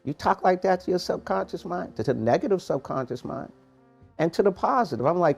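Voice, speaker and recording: Gravelly, animated motivational man. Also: sits high, fairly quick, faint music behind. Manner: preachy, animated, street-casual phrasing. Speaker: podcast host, motivational coach. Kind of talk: motivational talk.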